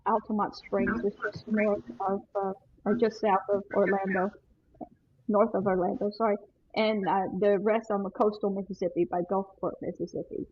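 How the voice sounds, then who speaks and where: A woman's voice: medium pitch, flat delivery, moderate pace, husky. Rambling grandmother from Tennessee, dull audio. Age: older. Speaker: podcast guest. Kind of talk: casual interview chat.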